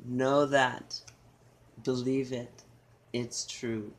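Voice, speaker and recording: A man reading channeled love messages in a soft, tender way, with repeated phrases and pauses. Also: medium pitch, little pitch movement, slight background noise. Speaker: spiritual reader.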